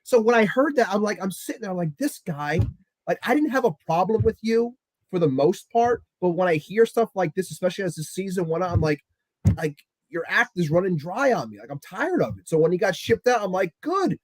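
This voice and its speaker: Heated New podcast co-host. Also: male voice, sits high, animated, a little fast, no room sound. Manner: heated, exasperated, swears. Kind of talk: heated sports talk rant.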